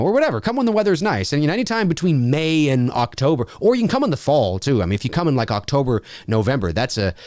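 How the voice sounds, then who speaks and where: A man's voice: medium pitch, a little mellow, no room sound, studio quality. Rambling man hosting a livestream. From Canada. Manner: rambling, halting, lots of fillers. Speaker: livestream host answering viewer questions. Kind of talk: casual live Q&A. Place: home studio.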